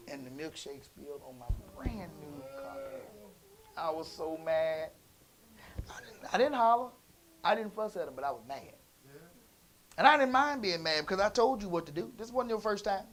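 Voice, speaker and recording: A middle-aged male pastor preaching in a folksy, conversational way, dropping into soft asides and then rising into emphatic bursts. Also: high-pitched. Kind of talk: storytelling sermon.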